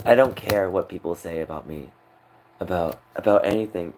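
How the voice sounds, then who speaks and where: A man's voice: deep voice, normal speed, a little mellow. A young man on a livestream, talking upset and rambling, repeating himself. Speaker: streamer. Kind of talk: emotional livestream monologue.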